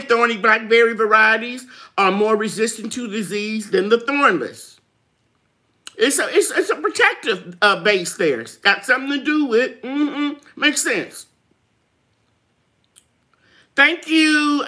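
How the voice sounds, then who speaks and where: A woman's voice: a little high, sharp tone. A middle-aged woman, hosting a gardening live chat in a chatty way, reading out viewer comments and laughing often. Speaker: gardening channel host.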